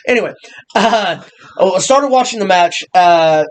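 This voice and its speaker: A man co-hosting a casual wrestling review, excitable and full of halting restarts. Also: high-pitched, a little hiss or hum. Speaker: podcast co-host.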